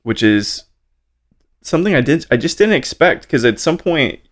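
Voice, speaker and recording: A man's voice: mid-range voice, big pitch swings, moderate pace. A man hosting a casual conversation, loose and enthusiastic, cutting himself off mid-sentence and cursing freely. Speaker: podcast host.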